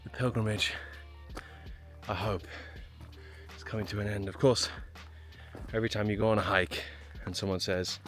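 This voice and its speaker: Faint music plays under a man's fairly bright, lowish voice, which moves at a normal speed with fairly even intonation. Walking up a hillside trail and road toward a shrine, the travel vlogger talks to his camera for his walking vlog, self-mocking and winded from the ascent.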